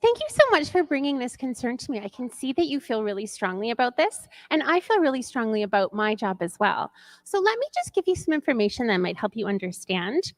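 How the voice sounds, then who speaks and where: A woman playing a calm studio owner who politely explains her policy to a parent. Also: fairly high pitch, fairly quick, dry recording. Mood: reassuring. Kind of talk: role-play exercise.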